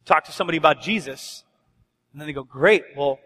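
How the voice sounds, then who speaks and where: A man's voice: on the high side, fast, pushed and bright, husky, big-room sound. A man preaching a sermon as pastor, urgent and conversational, often acting out bits of dialogue. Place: church sanctuary.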